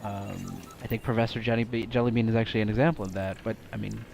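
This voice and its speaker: A man's voice: on the low side, steady tone, quick pace, vocal fry, a little mellow, a little hiss or hum. A young man streaming a video game, chatting casually and rambling with lots of fillers and silly outbursts. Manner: rambling, jokey, frequent "like" and "um", bursts into silly exclamations. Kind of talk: casual live gameplay commentary.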